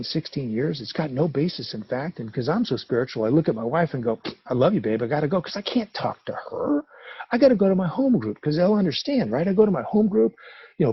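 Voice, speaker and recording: A middle-aged man with a gravelly, husky voice tells a personal story at a recovery meeting. His pitch swings widely as he acts out the dialogue. The sound is dry and a little dull and lo-fi. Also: no room sound. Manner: animated storytelling, acting out dialogue. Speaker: guest speaker at a recovery meeting.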